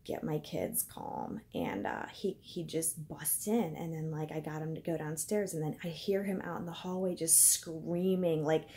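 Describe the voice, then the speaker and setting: A woman's voice: low voice, a little slow, hardly any pauses, dark tone. A woman in her thirties telling a personal story in a casual home vlog, chatty, with many fillers, and acting out what people said. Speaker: vlogger. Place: indoors at home.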